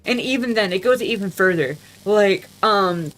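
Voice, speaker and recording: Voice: mid-range voice, lively intonation, moderate pace, fairly bright tone. A young adult vlogger telling a story in a casual, profane, rambling rant that keeps losing its thread. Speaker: gaming vlogger.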